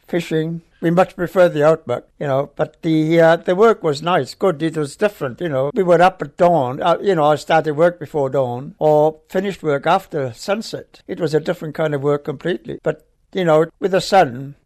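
An older man with a Welsh accent, recalling his working years in a measured, explanatory way with some hesitant fillers. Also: a little high, darkish tone. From Wales. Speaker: interviewee, retired solar observer. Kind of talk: interview recollection.

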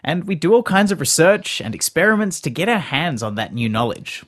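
A man's voice: fairly high pitch, very animated, a little fast, a bit bright. A man co-hosting a scripted podcast in an eager, easygoing way. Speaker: podcast co-host.

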